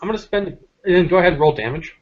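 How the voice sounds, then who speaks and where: A man playing in a tabletop game, speaking quick and matter-of-fact about his moves. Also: high-pitched, expressive, phone-quality sound. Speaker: player. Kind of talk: casual chat at a game table.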